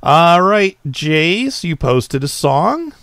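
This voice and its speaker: A man hosting a casual podcast, briskly reading out a list of announcements. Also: a little high, sing-song, a bit bright, dry recording. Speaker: podcast host.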